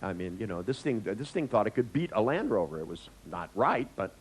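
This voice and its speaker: A man telling an anecdote in a lecture, acting out the voices with big jumps in pitch, swearing now and then and laughing at his own tale. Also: sing-song, a little fast, a little hiss or hum, poor audio. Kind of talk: storytelling in a lecture.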